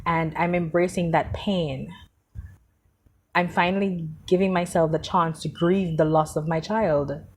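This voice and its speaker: Grieving woman talking softly, pitch low. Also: steady tone, measured pace, husky. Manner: emotional, heartfelt, repeats phrases. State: tearful, grieving. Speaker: vlogger. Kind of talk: personal vlog monologue.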